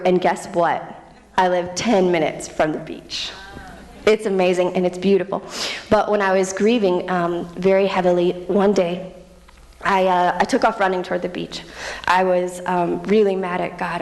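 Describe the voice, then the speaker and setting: A woman's voice: fairly low pitch, level tone, normal speed, darkish tone. Woman sharing testimony in a church hall. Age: young adult. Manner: candid, self-mocking, laughs often. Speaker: missionary speaker. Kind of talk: personal testimony talk. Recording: long church hall reverb.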